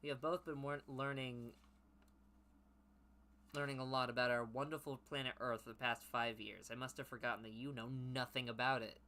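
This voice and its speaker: A man voicing a blunt Scottish shapeshifter woman, read flatly without attempting her accent, in a bright voice. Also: mid-range voice, moderate pace. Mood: matter-of-fact.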